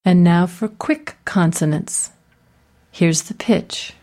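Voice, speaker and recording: A woman voice coach giving clearly enunciated, call-and-response pronunciation drills. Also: on the low side, slow pace, mellow. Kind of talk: guided vocal exercise instruction.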